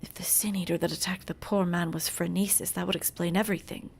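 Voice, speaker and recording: A woman's voice: on the low side, fairly even intonation, quick pace, gravelly, a little hiss or hum. A woman voicing an adult male adventurer companion with a faint pirate lilt in a fan game voiceover. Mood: grave.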